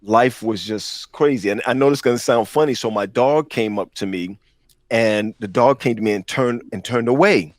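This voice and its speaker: A man telling a personal story on a podcast panel, often halting and repeating words as he speaks. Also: mid-range voice, no echo, studio quality. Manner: halting, repeats words while searching for them. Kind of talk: personal testimony in casual chat.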